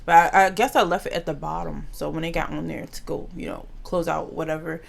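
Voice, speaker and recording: Creaky-voiced woman telling a story. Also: low-pitched, fairly quick. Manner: animated, slangy, addresses viewers as y'all. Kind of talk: casual storytime.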